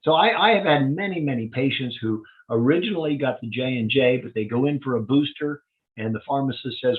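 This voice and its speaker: A man's voice: mid-range voice, a little fast. A man, a physician, giving a community health update and walking plainly through slides step by step. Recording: tinny phone-like line.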